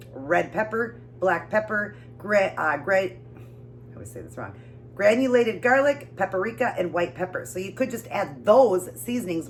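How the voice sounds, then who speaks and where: Low-ish voiced northern us lady rambling on her eating show, keeps fixing her words. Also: slight background noise. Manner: chatty, rambling, self-correcting. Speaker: keto vlogger. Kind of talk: casual eating show chat. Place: home with mowing outside.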